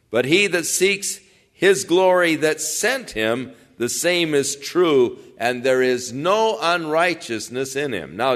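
A man of middle pitch delivers a verse-by-verse sermon. He reads scripture aloud and then explains it conversationally. Along the way he briefly acts out what the crowd in the passage says. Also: a bit bright. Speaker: preacher.

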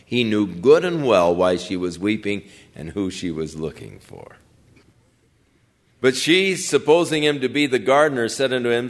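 An older man preaching a sermon in a slow, measured way, acting out the lines he quotes. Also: lowish voice, big pitch swings. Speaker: pastor. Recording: long reverb of a large hall.

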